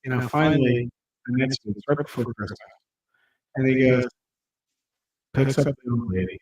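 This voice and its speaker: A man's voice: medium pitch, normal speed, darkish tone, poor audio. A man co-hosting a casual livestream, telling crude jokes loosely and laughing at his own punchlines. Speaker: stream co-host.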